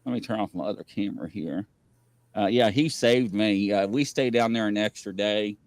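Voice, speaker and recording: The host of a paranormal variety show runs a casual livestream, animatedly telling rambling stories and laughing often. His voice is on the low side, he talks at normal speed, and there is no room sound.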